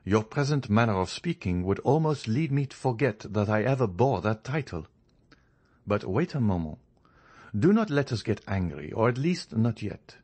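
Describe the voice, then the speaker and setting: A man reading a courteous, genial male journalist in a storybook, measured and increasingly firm. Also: fairly low pitch, big pitch swings, darkish tone, voice pushed up. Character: genial male journalist, friendly yet proud.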